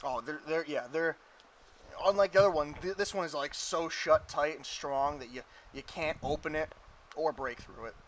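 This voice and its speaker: A man's voice: fairly high pitch, normal speed, a bit bright, a little hiss or hum, rough recording. A man running a tabletop game as game master, rambling and stumbling over his words with giggles.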